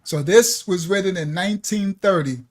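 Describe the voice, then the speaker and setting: Male host teaching live, casual and emphatic, sits a touch high in pitch. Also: moderate pace. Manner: animated, emphatic, talks to viewers at home; casual, laughs often. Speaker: ministry teacher. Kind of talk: livestream scripture teaching.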